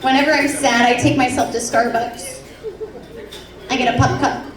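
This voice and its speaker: A woman performing a stand-up comedy set on a club stage, brash and self-mocking, with a punchy delivery and a loud audience laughing behind her. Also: high voice, moderate pace. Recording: roomy club sound, heard from afar, loud crowd.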